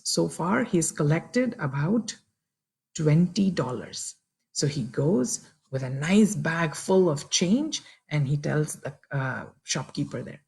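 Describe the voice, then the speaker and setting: A woman's voice: deep voice, creaky, dark tone, slightly rough. A woman telling a children's story and its moral, chatty and addressing listeners directly.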